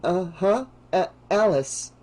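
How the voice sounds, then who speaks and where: A soft, timid teenage girl who stammers and trails off, voiced by a male audiobook reader. She sounds shy and unsure of herself. Her voice sits higher and quieter than his narration. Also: expressive, takes it slowly.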